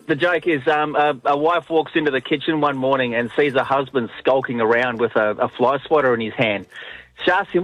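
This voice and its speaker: A man's voice: mid-range voice, brisk, no room sound. A man calling in to a radio show, chatting and telling a joke after a hesitant start. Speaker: caller. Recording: dull, dry phone line.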